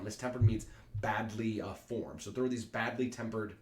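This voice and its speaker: A man's voice: on the low side, fairly even intonation, moderate pace, darkish tone. A man teaching Shakespeare in a casual lesson, explaining plainly with fillers and paraphrasing each line. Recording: echoey room.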